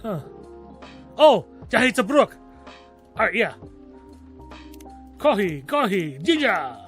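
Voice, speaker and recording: A man's voice: sits high, sing-song, takes it slowly, a bit bright, faint music behind. A man streaming a game, chatting casually as he thinks aloud and swears now and then. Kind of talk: casual game playthrough commentary.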